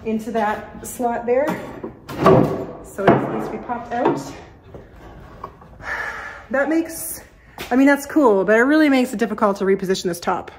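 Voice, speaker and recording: Working on furniture in her shop, a woman muses aloud in a practical, casual way, slightly out of breath, with a fairly high voice, an unhurried pace and long pauses. The recording is echoey, with loud background noise.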